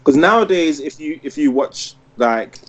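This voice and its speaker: A man's voice: fairly high pitch, lively intonation, unhurried, muffled recording, a little hiss or hum. A man in his thirties, chatting casually as a podcast co-host and telling long, rambling stories full of "like". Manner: rambling storyteller, heavy use of "like". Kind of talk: casual chat.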